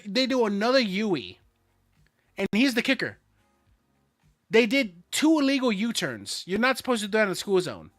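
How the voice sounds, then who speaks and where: A young man co-hosting a casual podcast, telling stories with lively, profane energy. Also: sits high, no room sound, clean studio sound. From Florida, USA. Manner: animated storyteller, swears freely. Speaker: co-host.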